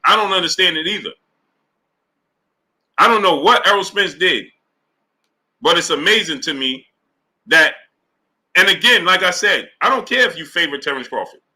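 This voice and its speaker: Bright-voiced male boxing streamer. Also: a little high, rough recording. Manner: animated, shouts out viewers by name. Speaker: boxing talk show host. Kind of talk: live-stream chat reading super chats.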